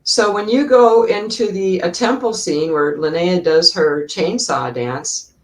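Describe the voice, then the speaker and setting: A woman guest in an interview, telling lively behind-the-scenes stories and acting out the voices of the people in them. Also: on the low side, unhurried, far from the mic, low-quality recording. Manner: animated anecdotes, acts out voices in quotes. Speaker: guest actress. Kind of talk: storytelling in an interview.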